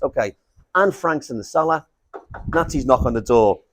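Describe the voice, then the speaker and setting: A man's voice: medium pitch, expressive, moderate pace, long pauses, a little hiss or hum, rough recording. A man giving an informal lecture, rambling and self-interrupting, with jokey asides.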